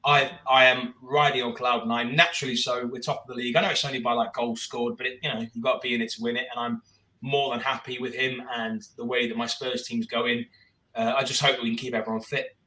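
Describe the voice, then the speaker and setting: A man's voice: mid-range voice, little pitch movement, fast talker, bright, forceful tone, reverberant, recorded from a distance, rough recording. A man co-hosting a podcast, chatting about football in a rambling, enthusiastic way with many restarts. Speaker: podcast co-host. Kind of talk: casual football chat.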